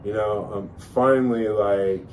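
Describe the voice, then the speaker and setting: A man's voice: lowish voice, fairly even intonation, a little slow, darkish tone. Rambling man telling a story from afar. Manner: rambling, many fillers and restarts. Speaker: podcast host telling a story. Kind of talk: casual storytelling. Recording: distant mic with faint noise.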